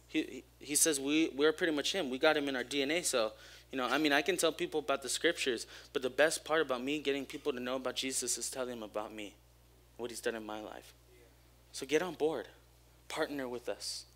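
Speaking at a church service with a medium-pitched voice, a young man gives an energetic, informal sermon, trading jokes with the congregation and sharing openly about his own life.

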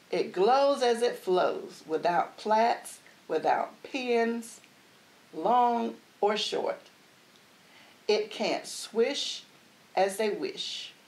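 A woman voicing a young girl in a storybook, with a high, childish voice and a sulky, singsong way of talking. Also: darkish tone, heavily acted, poor audio. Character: young girl who hates her hair.

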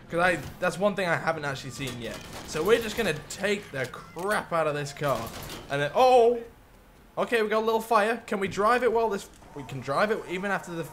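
Excitable guy playing a game. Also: a little high, a little hiss or hum. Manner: excitable, talks to game characters, laughs often. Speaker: gaming YouTuber. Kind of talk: casual gameplay commentary.

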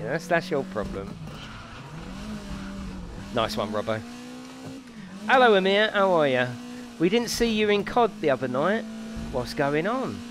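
A man's voice: fairly high pitch, big pitch swings, unhurried, pauses often, noisy background. A man streaming a racing game, chatting and joking with viewers and swearing freely over game music. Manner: banters with chat, swears freely. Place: home gaming setup.

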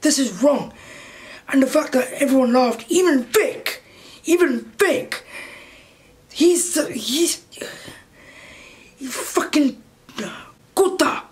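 A man's voice: extremely high pitch, takes it slowly, pauses often. A man delivering an indignant, heated commentary rant to camera, swearing often and repeating phrases for emphasis. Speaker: YouTube commentator.

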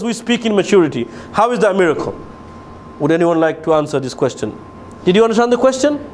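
A man with an extremely high voice gives a religious lecture to a group in a lecture room in a pilgrimage city, as part of a pilgrimage programme. He explains at length, asks his listeners questions, and uses many fillers and restarts, with a little hiss or hum on the recording.

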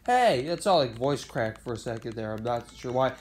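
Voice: medium pitch, animated, moderate pace. A parody video maker giving a silly, rambling improvised voice-over, arguing back and forth with itself.

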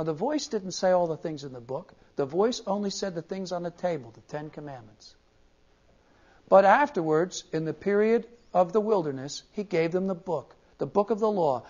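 A man with a high voice teaches like a pastor at the front of a class. He hammers on key words, saying them again and again to make each point land. The sound is dull and lo-fi, as if from an old cassette tape. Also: darkish tone. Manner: emphatic, repeats key words for stress. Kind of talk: classroom theology lecture.

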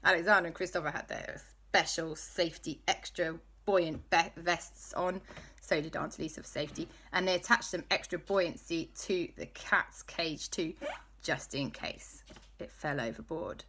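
A woman telling an improvised children's story in a playful way, dropping to hushed tones for spooky parts. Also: deep voice, normal speed, breathy edge. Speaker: storyteller host.

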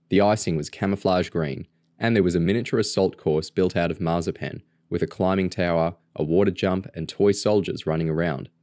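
A man narrating a novel aloud in a steady, even reading voice. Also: low-pitched, dry recording, studio quality. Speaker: audiobook reader. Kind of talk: storybook narration.

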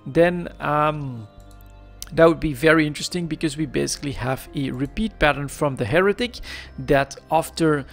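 A man's voice: on the high side, gravelly, fairly bright tone. A man hosting a casual commentary on a game's market, thinking aloud with many fillers and restarts into a desk microphone. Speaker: gaming market analyst host.

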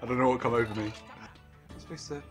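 A man's voice: medium pitch, fast talker, faint music behind. A man commentating on a game in casual banter, laughing and swearing often. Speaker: gameplay commentator. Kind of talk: casual let's-play banter.

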